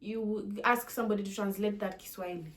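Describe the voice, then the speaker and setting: A woman's voice: mid-range voice, brisk. A young woman, telling a storytime rant to her viewers in an indignant, repetitive way. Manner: indignant, repetitive, animated emphasis. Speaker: vlogger.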